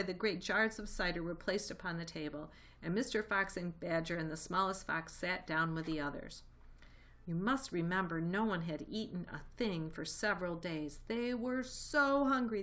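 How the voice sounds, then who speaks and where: A woman reading a children's storybook aloud, lively and expressive. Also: on the low side. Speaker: reader. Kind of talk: storybook read-aloud narration.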